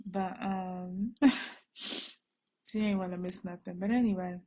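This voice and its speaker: In a fairly low, darkish voice with fairly even intonation, a woman talks slowly with long pauses. She's vlogging at home, braiding her daughter's hair on a bed and rambling casually to viewers she calls y'all.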